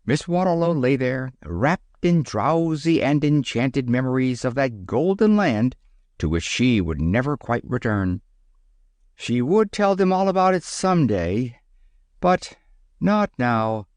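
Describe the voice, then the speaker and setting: A man narrating a children's storybook in a lively, expressive way. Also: medium pitch, measured pace, dry recording.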